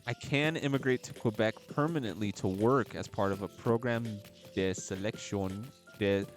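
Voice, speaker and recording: A man's voice: medium pitch, normal speed. Chatty joking male game streamer. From United States. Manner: chatty, joking, fumbles while reading aloud. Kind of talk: casual chat while gaming. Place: at home, gaming live. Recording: music playing faintly behind.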